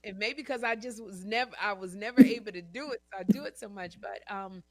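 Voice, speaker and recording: A woman's voice: mid-range voice, fairly quick, crowd noise. A woman in her fifties, a guest in a casual interview, telling stories animatedly, acting out quotes and laughing often. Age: 50s.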